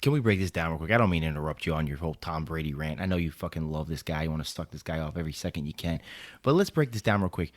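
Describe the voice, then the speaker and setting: A man's voice: rumbling low, lively intonation, rapid-fire, dry recording. A man co-hosting a sports podcast in casual chat, blunt and sarcastic, ranting with heavy swearing. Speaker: podcast co-host.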